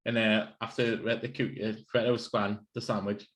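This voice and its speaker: A man's voice: on the low side, little pitch movement, fairly quick. A man, co-hosting a podcast and telling sweary anecdotes in casual chat. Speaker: podcast co-host.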